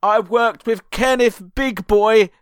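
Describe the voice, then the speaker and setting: A man's voice: sits high, slow, clean tone, dry recording. A man playing a bumbling, rambling old character actor being interviewed in a comedy sketch. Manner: doddering, rambling, stammering. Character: bumbling elderly male character actor Grumpy.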